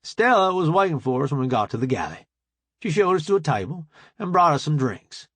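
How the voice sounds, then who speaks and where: A man narrating a first-person audiobook in a relaxed, conversational way. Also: a little high, fairly quick, slightly rough, no room sound.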